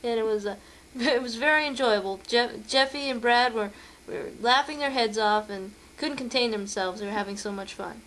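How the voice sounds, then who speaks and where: Woman telling stories over old family pics, a bit high voice, lots of uhs, faint hiss. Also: moderate pace, fairly bright tone. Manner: chatty storytelling with fillers. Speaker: home video narrator. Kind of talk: narrating vacation photos.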